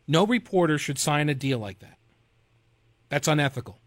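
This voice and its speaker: A man's voice: fairly high pitch, big pitch swings, fairly quick, dry recording. A man hosting a talk radio show, rambling loosely and sarcastically with fillers and chuckles. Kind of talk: casual political talk radio with host-read ad.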